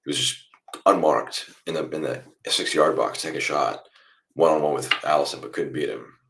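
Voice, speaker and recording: This is a young man with a remarkably deep, low voice, hosting a live football watchalong stream. He talks casually to his viewers and walks through each play as he watches. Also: normal speed, vocal fry. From United States. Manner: chatty, reacts loudly to goals then explains calmly. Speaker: watchalong host.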